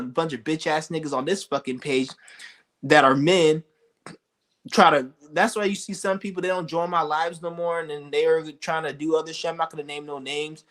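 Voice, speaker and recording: A man's voice: a little high, fairly bright tone. A man ranting casually to camera as a YouTuber, blunt and profane, often restarting his sentences.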